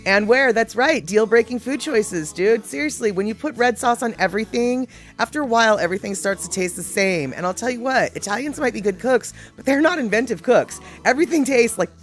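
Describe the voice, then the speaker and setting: A woman's voice: fairly high pitch, animated, fairly quick, few pauses, faint music behind. A woman hosting a casual live show, chatting with viewers in a self-deprecating, opinionated way. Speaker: live show host answering viewer comments. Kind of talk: casual chat.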